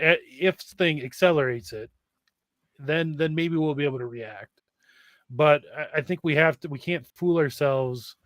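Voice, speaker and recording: A man joining a talk show as a remote guest on a video call, speaking in slow, measured, hesitant phrases. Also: mid-range voice, a bit bright, no echo.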